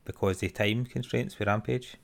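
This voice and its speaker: A man's voice: lowish voice, fairly even intonation, normal speed, vocal fry. A man chatting casually on a podcast, rambling and swearing with lots of fillers. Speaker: podcast co-host. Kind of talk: casual chat.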